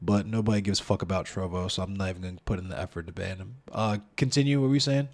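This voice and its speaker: A man's voice: sits low, rapid-fire, gravelly. A young man streaming, ranting in a heated, passionate and profane way. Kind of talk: heated casual stream talk.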